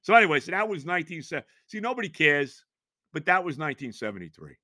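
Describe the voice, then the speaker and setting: An older man in his sixties hosts a podcast and tells a story in a loose, rambling way, doubling back on his words as he goes. His voice sits a bit high and sounds bright and forceful. The recording is dry and close, with no room sound. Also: fast talker, no room sound. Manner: animated, rambling, repeats himself and laughs at his own story. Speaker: podcast host. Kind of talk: casual storytelling monologue.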